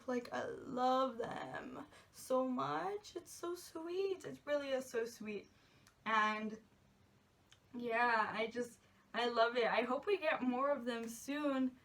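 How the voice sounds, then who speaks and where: A woman's voice: on the high side, a bit bright. A young woman chatting casually in a movie review, gushing and giggly, rambling with lots of "like"s. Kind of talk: casual spoiler review chat.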